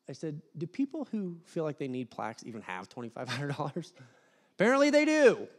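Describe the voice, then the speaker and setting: A young adult man preaching a sermon, animated, acting out voices and swinging from loud to hushed. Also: fairly high pitch. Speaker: pastor. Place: church hall.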